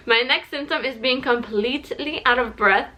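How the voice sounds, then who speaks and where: A vlogger gives a pregnancy update, a young woman chatting casually to the camera in a high, bright voice with a forceful tone and a moderate pace. She sounds a bit out of breath, and her talk is full of "like" and restarts.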